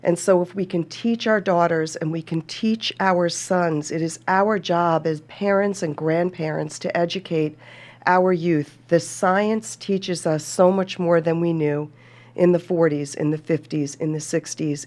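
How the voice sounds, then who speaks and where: A woman's voice: low-pitched, a little mellow. A woman hosting a podcast, speaking earnestly and heartfeltly to listeners she calls folks and reading scripture aloud. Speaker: podcast host.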